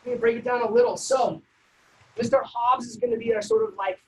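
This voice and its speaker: High-voiced woman giving a brisk lecture. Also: low-quality recording. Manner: brisk, conversational, frequent um and uh. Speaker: civics workshop presenter. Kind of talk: informal lecture.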